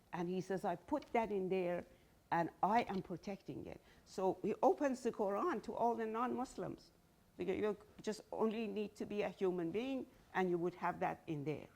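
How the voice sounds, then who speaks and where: A woman with a Persian accent speaks in a fairly low voice. She answers audience questions after an academic presentation. She talks thoughtfully and often pauses to search for the right word.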